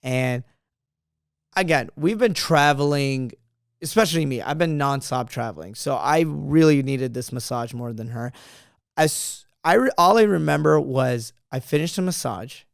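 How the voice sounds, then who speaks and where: A man's voice: medium pitch, animated, a little slow, gravelly, no room sound, studio quality. A young man, a comedian, telling travel stories in a playful, casual way, laughing often. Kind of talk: casual storytelling.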